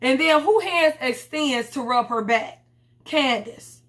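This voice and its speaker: A woman's voice: sits high, takes it slowly, fairly bright tone. A young woman reviewing a reality TV episode in a blunt, profane, slangy casual chat. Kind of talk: casual commentary vlog.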